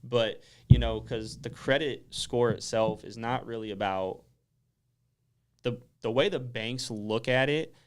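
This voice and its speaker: With a smooth, medium-pitched voice and an unhurried pace, a man appears as a radio talk show guest. He explains things casually and easily, filling his speech with frequent "like"s.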